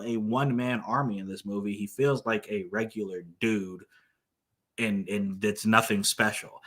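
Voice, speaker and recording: A man's voice: lowish voice, pushed and bright. A man giving a casual spoken movie review, blunt and exasperated, full of fillers and restarts.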